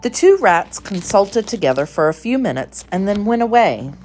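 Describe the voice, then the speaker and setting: A woman reading a children's storybook aloud with measured, expressive narration. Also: medium pitch, faint music behind. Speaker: storybook reader.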